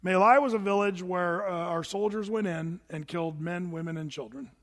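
A man in his sixties preaching a sermon in a conversational, animated way, breaking into mimicked voices to make his points. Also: sits high, normal speed. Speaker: pastor. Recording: long hall reverb.

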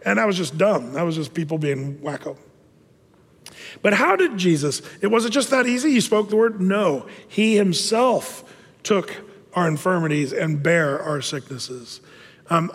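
Earnest high-voiced preacher in a reverberant hall. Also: male voice, husky. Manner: earnest, slowing down for emphasis. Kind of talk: sermon with a story reading.

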